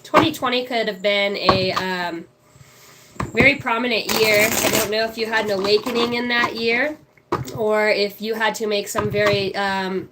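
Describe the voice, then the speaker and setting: A woman's voice: medium pitch, heavy background noise. A woman in her thirties, a psychic card reader on a livestream, chatting casually and affectionately as she reads out viewers' names. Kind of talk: casual livestream chat reading comments.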